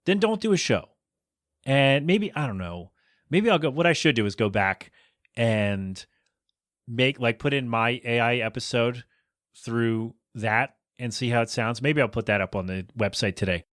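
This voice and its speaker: A man's voice: mid-range voice, a bit bright, no room sound, studio quality. A man hosting his own podcast, chatting casually on his own and rambling, restarting his sentences and voicing blunt opinions. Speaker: podcast host. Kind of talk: casual solo podcast chat.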